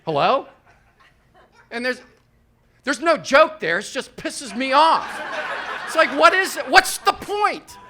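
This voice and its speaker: A man's voice: very high voice, sing-song, a little slow, noisy background. A man in his fifties doing a rambling, profane, self-deprecating stand-up set on a live comedy stage. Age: 50s.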